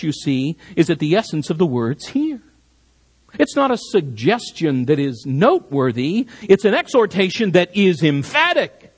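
A male pastor preaching an expository sermon, emphatic and rising sharply on repeated commands. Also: high-pitched.

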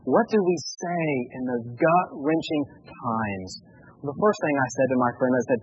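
A man preaching a sermon as pastor, earnest and pleading, dropping to a hush at emotional points. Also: medium pitch, expressive, normal speed, dull audio, soft background music.

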